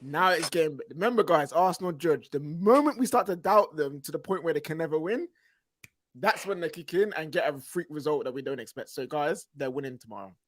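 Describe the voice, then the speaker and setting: A man's voice: fairly high pitch, lively intonation, fairly quick, no echo. A young man, co-hosting a casual football chat with slangy banter and laughing asides. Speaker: podcast co-host.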